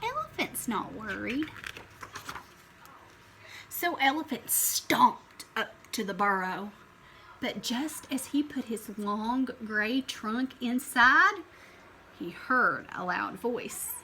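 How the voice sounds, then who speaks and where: A woman teacher reading a picture book aloud to children in a high, lively, bright voice. She takes her time and keeps stopping to ask her listeners questions. A faint ambient hum sits behind her. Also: takes it slowly, rough recording. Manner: animated, asks the listeners questions.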